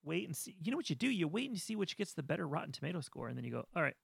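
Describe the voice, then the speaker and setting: A man co-hosting a casual podcast chat, ranting with animated energy and mocking studio executives in voiced asides. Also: a little high, rapid-fire, gravelly, husky, no echo. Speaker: podcast co-host.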